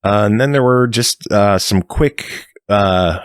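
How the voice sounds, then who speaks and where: A man's voice: on the low side, slow pace, no echo, clean studio sound. A man hosting a casual gaming podcast, running through the week's news with fillers and the odd swear.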